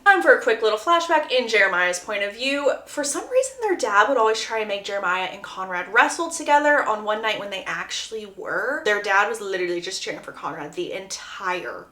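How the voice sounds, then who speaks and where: Animated female book recapper, gossipy, very expressive pitch, echoey room. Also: fairly quick, hardly any pauses.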